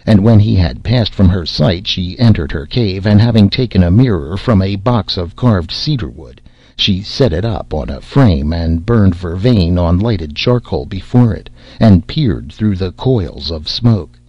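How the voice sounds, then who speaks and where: Male audiobook narrator, deep and husky, measured, dry slightly dull sound. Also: expressive, dry recording.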